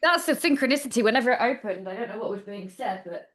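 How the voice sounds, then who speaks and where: A woman's voice: a little high, animated, quick pace, a bit bright. Chatty woman. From Nottingham, England. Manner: chatty storyteller, trailing off. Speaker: astrologer guest. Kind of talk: casual interview.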